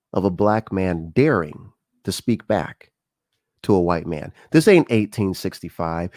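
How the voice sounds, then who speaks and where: Low-voiced man hosting a talk show. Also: dry recording, clean studio sound. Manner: conversational, animated storytelling with acted-out dialogue. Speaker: show host. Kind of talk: casual talk show monologue.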